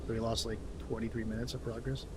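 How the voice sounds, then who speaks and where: Man, game streamer, casual commentary, rambling, self-amused, middle pitch, noisy game ambience. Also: flat delivery, fast.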